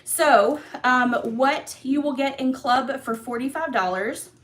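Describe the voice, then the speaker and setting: In her home craft room, a woman with a high-sitting voice leads a live craft class at a slow pace, with slight background noise. This is a casual stream tutorial, and she's upbeat and talkative, full of fillers and small laughs.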